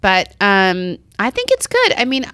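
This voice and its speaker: A woman's voice: mid-range voice, huge pitch swings, unhurried, sharp tone, smooth, dry recording, studio quality. A middle-aged woman co-hosting a podcast in casual chat, telling stories and acting out what people said. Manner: chatty storyteller, acts out quoted voices. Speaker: podcast co-host.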